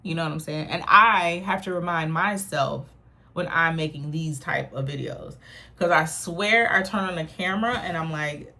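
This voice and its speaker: A woman comedian talks straight to her camera from her apartment, rambling, self-mocking and laughing often. Her voice sits somewhat low for a woman. The delivery is loose and conversational. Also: normal speed, pushed and bright. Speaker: stand-up comedian. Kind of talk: casual talk to camera. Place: home in New York without central air.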